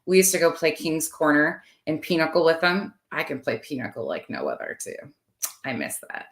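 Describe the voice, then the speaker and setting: Woman, 30s, low voice, rambling livestream host chatting with viewers. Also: sing-song, moderate pace. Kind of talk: casual livestream chat.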